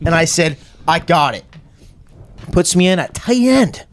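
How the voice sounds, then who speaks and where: A man's voice: on the high side, unhurried, long pauses, crowd noise. A young man, a podcast guest, telling a long story in a casual, self-mocking way and acting out the lines of the people in it. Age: young adult. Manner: animated, self-mocking, acts out quotes.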